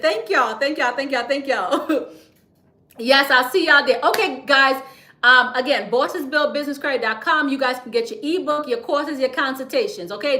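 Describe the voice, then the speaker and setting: A woman hosts a casual livestream, chatty and quick to laugh. Her voice sits high and sounds bright. The room around her is echoey. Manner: chatty and playful, laughs often, drops into a whisper to share tips. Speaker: livestream host teaching business credit. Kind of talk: casual livestream talk to viewers.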